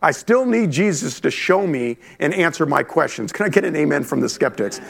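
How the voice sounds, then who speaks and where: Middle-aged male pastor, gravelly and slightly high, lively preaching with direct asides to the room. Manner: animated, talks straight to the congregation with quick asides. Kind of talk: lively sermon. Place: church before a congregation.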